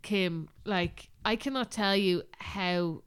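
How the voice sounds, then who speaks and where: A woman's voice: mid-range voice, takes it slowly, smooth. A tired woman co-hosting a podcast, talking casually and bluntly with plenty of swearing. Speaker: podcast co-host. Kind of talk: casual chat.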